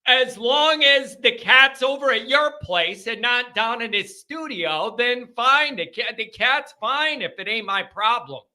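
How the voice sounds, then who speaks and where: A man's voice: very high voice, a little slow, hardly any pauses, sharp tone. A man hosting a fan call-in show, talking in a rambling, joking, conversational way with frequent restarts. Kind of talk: casual solo podcast chat.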